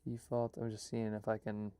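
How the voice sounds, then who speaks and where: Host, male, casual and excitable, thinks out loud, dry close sound. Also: lowish voice, normal speed, clear, resonant tone, no room sound. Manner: excitable, rambling, full of fillers and restarts. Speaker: host and filmmaker. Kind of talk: casual live brainstorming chat.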